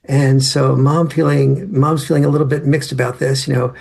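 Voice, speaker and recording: Gravelly husky guy rambling through an interview answer, lots of ums. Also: medium pitch, level tone, moderate pace, few pauses, a little mellow. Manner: rambling, with many fillers and restarts, acting out family dialogue. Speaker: author and guest.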